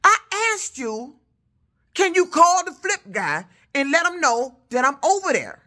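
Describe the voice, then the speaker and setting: A woman truck driver, telling a heated, profane story in a loud voice. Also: sits high, very animated, unhurried. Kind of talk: casual vlog rant.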